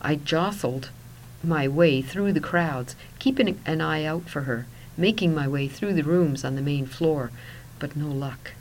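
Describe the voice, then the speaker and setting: A woman narrating a first-person story in a soft voice that at times drops to a whisper. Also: sits low, unhurried, slight background noise, poor audio.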